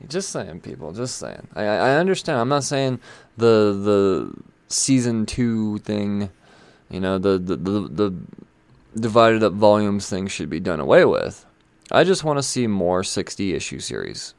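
A comic book reviewer with a voice on the low side chats casually about comics, rambling along with plenty of fillers and some swearing. The recording is dry.

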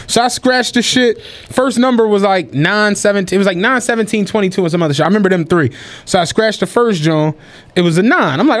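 Lively high-voiced man telling a story. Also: fairly quick. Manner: animated, profane, acts out quotes with laughter. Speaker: podcast co-host. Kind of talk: casual storytelling chat.

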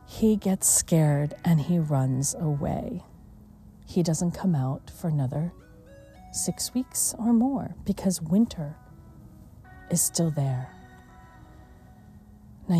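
A woman hosts a reflective mindfulness talk at a slow, unhurried pace. Her voice is very mellow and dark, a little lower than most, and now and then drops to a near hush. Faint music plays behind her. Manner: gentle and unhurried, with soft laughs and hushed moments. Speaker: mindfulness podcast host.

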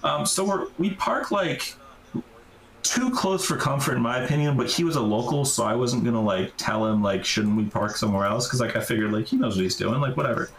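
A man's voice: mid-range voice, animated, fairly quick, a crowd in the background. A man guest on a podcast, casually telling a story with lots of "like" fillers and swearing. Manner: rambling, heavy use of "like", swearing. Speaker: podcast guest, urban explorer. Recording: echoey room.

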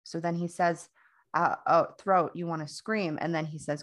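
A woman's voice: deep voice, steady tone, moderate pace. A young adult woman co-hosting a casual podcast chat, telling a long story with many restarts and quoted dialogue. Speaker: podcast co-host.

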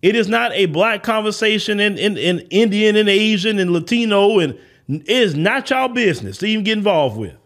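High-voiced man giving a blunt monologue. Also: expressive, moderate pace, fairly bright tone. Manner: emphatic, repeats points, blunt. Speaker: podcast host. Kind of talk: opinion monologue.

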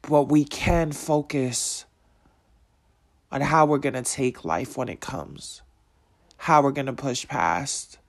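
A man delivers a motivational monologue in a mid-pitched voice. He preaches with slow, emphatic pauses and keeps returning to rhetorical questions. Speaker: motivational speaker.

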